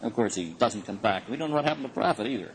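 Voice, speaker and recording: A man giving a lecture on the Bible in an animated way, chuckling often and swinging his pitch for emphasis. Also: rapid-fire, slightly rough, poor audio. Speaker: Bible teacher.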